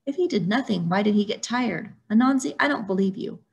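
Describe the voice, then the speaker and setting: A woman's voice: mid-range voice, lively intonation, fairly quick, vocal fry, darkish tone. A woman voicing a fair, stern male warthog judge in a storybook reading, questioning and firm.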